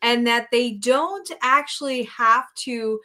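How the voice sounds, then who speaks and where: A woman's voice: on the high side, takes it slowly, bright, forceful tone. A woman hosting a podcast interview, enthusiastic and effusive in her responses. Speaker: podcast host.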